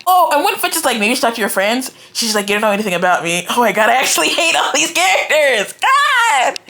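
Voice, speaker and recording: A woman's voice: high voice, fairly quick. Exasperated young woman ranting about a book. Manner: exasperated, animated, lots of "like" and "right?". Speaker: book reviewer. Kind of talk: casual reading-reaction rant.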